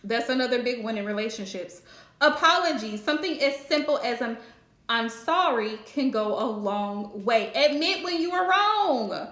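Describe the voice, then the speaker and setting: A woman's voice: on the high side, lively intonation, moderate pace, fairly bright tone, roomy sound. A woman hosting a live stream and giving relationship advice in a chatty, direct way, laughing often. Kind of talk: casual live-stream chat.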